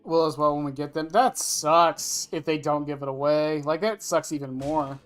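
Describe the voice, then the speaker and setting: A game streamer sits at a desk indoors, chatting casually with viewers in a rambling, offhand way, answering chat questions and occasionally swearing. The voice is mid-range with fairly even intonation at a moderate pace, and faint music plays behind.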